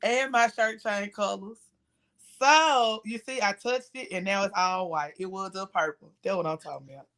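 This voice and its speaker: A woman co-hosts a podcast with a bright, forceful voice. She jokes boldly and talks loudly in casual back-and-forth. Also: medium pitch, normal speed. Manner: bold, loud, joking. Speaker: podcast co-host. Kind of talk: casual chat.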